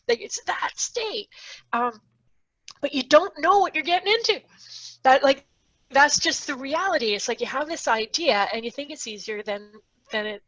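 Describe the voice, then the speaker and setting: A woman co-hosts a casual podcast and talks through an idea with plenty of ums. She slips into little acted-out quotes along the way. Her voice sits on the high side, and the sound is dry and dull, like lo-fi call audio. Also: fairly bright tone, no room sound. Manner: thinking aloud with many ums, acting out quoted thoughts. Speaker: podcast co-host. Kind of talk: casual explanatory chat.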